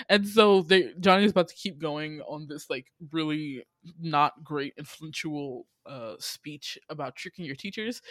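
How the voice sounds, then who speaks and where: A podcast host recapping a movie in a casual, animated way, acting out quoted lines and laughing often. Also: medium pitch, slow, no echo.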